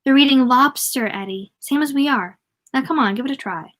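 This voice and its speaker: A woman's voice: high voice, a little fast, fairly bright tone, voice pushed up. A woman voicing a pushy, indignant mother coaxing her son, in a put-on accent, in a storybook reading.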